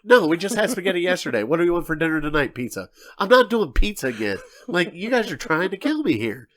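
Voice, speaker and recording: A man hosting a casual sports podcast, telling animated stories and laughing often as he acts out quotes. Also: sits high, fast talker. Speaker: podcast host.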